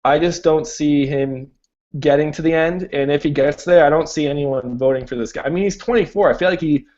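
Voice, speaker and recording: A man's voice: on the high side, a little fast, a little mellow. A young man co-hosting a podcast in casual chat, talking with many restarts and fillers. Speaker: podcast co-host. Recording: dull lo-fi recording.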